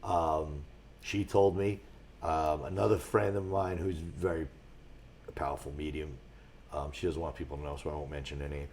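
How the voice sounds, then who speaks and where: A man, a guest on a talk show, telling rambling stories with a lot of restarts and getting animated as he goes. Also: rumbling low, moderate pace. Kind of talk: casual storytelling on a talk show.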